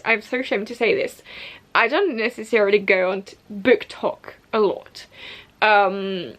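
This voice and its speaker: A woman's voice: fairly high pitch, a bit bright. Chatty young woman vlogging about books. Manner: chatty and scattered, with restarts and asides. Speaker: book vlogger. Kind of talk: casual chat to camera. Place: at home.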